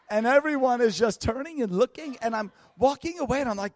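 High-pitched guy preaching, laughs a lot, yells out bits, dry close sound. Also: fairly quick, few pauses, dry recording. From United States. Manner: lively, laughing, bursts into shouts. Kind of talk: storytelling sermon.

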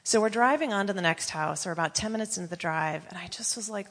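A woman's voice: mid-range voice, fast talker. A woman telling an earnest personal testimony story to a congregation, quoting the people she met as she goes. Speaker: church member giving a testimony. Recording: reverberant church hall.

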